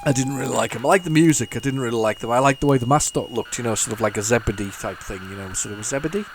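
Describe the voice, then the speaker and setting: A man's voice: medium pitch, very fast, noisy background. A man chatting casually while he plays old computer games, rambling and stumbling over his words with many restarts. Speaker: retro gaming YouTuber. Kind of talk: casual commentary while playing.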